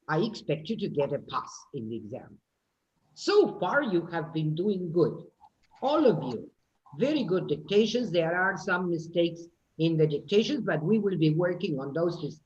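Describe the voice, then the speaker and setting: A woman's voice: low-pitched, darkish tone. A woman with a British English accent teaching a phonetics class online, explaining and correcting students. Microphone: video call. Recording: dull lo-fi video call audio.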